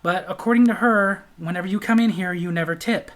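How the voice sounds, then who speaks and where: A man voicing a weary female restaurant manager who hesitantly tries to calm an angry customer, repeating "sir". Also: high voice, fairly quick, lightly acted. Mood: placating.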